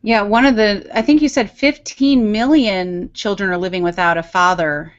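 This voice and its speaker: A woman's voice: mid-range voice, steady tone, normal speed. A woman hosting an interview, affirming the guest and asking long, rambling questions with restarts. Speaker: interview host. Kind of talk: conversational interview. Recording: dull lo-fi audio.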